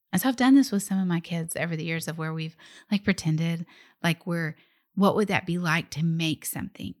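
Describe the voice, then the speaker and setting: A middle-aged woman and mother giving a conversational devotional Bible lesson, often dropping to an emphatic whisper. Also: fairly low pitch. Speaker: mother teaching faith to children.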